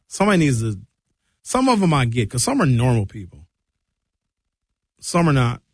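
A man hosts a talk radio show from a studio, launching into an opinionated rant and mocking people in high, comic voices. His voice is creaky and the recording is dry.

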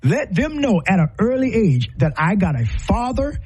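A man's voice: sits high, big pitch swings, normal speed, a little mellow, slight background noise, low-quality recording. A man hosting a podcast, giving impassioned commentary in a preacher-like cadence full of rhetorical questions and repetition. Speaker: podcast host.

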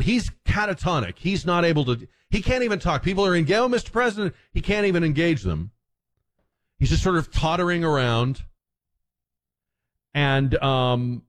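A man hosting a talk radio show, delivering an animated, indignant and sarcastic monologue. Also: medium pitch.

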